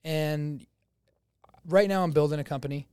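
A man's voice: fairly high pitch, normal speed, darkish tone, smooth, dry recording. A man, a podcast guest chatting casually and confidently, laughing often. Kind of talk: casual chat. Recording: dry close studio sound.

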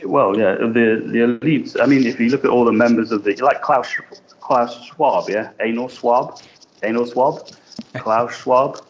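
A man's voice: mid-range voice, a little slow. A man chatting on a podcast in a rambling, hesitant way with many fillers. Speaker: podcast co-host. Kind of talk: casual podcast chat. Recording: dull lo-fi remote line with faint hiss.

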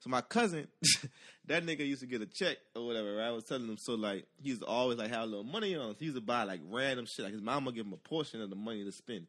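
Talking very fast in a medium-pitched voice, a man spins a long personal story during casual conversation. He swears freely, stays animated, and performs the voices of each person involved.

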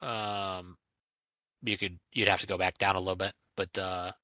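A man's voice: deep voice, little pitch movement, moderate pace, sharp tone, dry recording, dull audio. A man narrating a tabletop game as game master, rambling with lots of fillers. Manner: rambling, full of uhs and likes.

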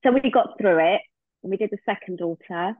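A woman's voice: medium pitch, brisk, husky, no room sound. A woman, a podcast guest, telling a heartfelt personal story and acting out the remembered dialogue. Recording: tinny phone-like line, dry.

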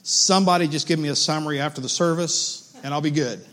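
Earnest man preaching a sermon. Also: a little high. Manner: earnest, reads a long list slowly and warmly. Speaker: pastor. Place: church.

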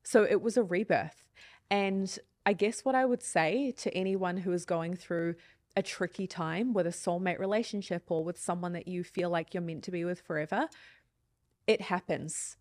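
A woman's voice: fairly low pitch, moderate pace, a little mellow, no room sound. Earnest woman in her thirties, dry sound. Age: 30s. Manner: reflective, open and earnest. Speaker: podcast guest. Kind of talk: candid conversational storytelling.

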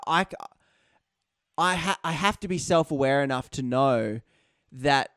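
A man hosting a podcast, talking in an animated, ranting way and acting out quotes in casual chat. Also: medium pitch, a little slow, no room sound, studio quality. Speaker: podcast host.

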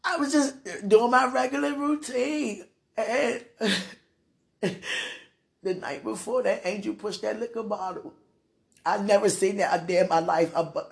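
A woman speaks in a mid-range voice, offering a heartfelt prayer and personal message while crying. She falters between soft laughs and sighs.

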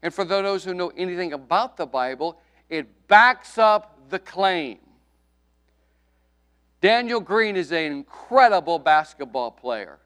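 A middle-aged man preaching a sermon with emphasis, his voice rising loud and dropping to a hush, with folksy asides. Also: on the high side, expressive, takes it slowly, long pauses, clean tone. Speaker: pastor.

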